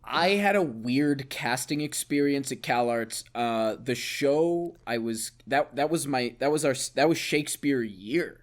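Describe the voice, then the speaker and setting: A man's voice: mid-range voice, lively intonation, unhurried, hardly any pauses. A young man co-hosting a casual podcast, telling a personal story hesitantly and searching for words. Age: young adult. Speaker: podcast co-host. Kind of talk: casual chat.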